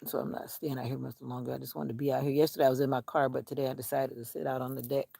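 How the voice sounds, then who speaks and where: A man's voice: mid-range voice, very fast, creaky, slightly rough, no room sound. A man vlogging casually, talking to viewers while sitting outside on a deck with a phone. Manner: relaxed, chatty, talking to viewers. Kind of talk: casual live chat. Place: outdoors on a deck. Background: birds singing.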